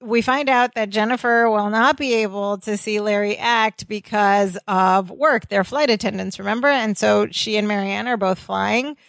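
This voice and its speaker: A podcast co-host casually recaps a sitcom episode on a rewatch show, chatting, laughing often and quoting lines as she retells scenes. Her medium-pitched, fairly bright voice has vocal fry, a moderate pace and few pauses, recorded studio-clean with no room sound.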